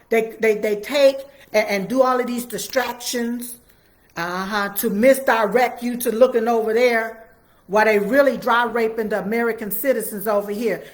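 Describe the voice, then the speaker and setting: Woman, slightly high voice, fiery repetitive livestream commentator. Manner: fiery, repetitive, preachy, talks straight to viewers. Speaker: political commentator answering viewers.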